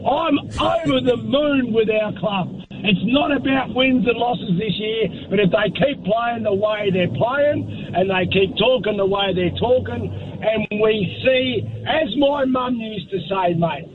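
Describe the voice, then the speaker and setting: A man's voice: high voice, a little slow. Upbeat Australian man on a phone line. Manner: upbeat, effusive, slangy. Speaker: caller. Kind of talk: call-in chat. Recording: tinny phone line with faint noise.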